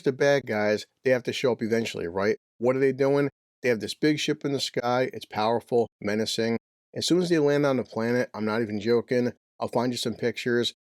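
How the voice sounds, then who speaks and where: A man's voice: mid-range voice, dry recording, studio quality. Brash joking man reviewing a movie. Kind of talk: casual comedic review.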